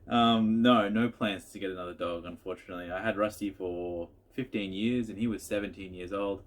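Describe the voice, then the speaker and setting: A man's voice: on the low side, fairly even intonation, a little fast. A man in a casual home vlog, answering viewer questions in a chatty, rambling way with frequent restarts.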